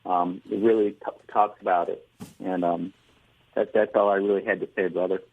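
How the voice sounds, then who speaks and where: A man calling in to a talk radio show, friendly and halting with many fillers. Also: low-pitched, flat delivery, breathy edge, no echo. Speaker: caller. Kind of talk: phone-in call. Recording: tinny phone line.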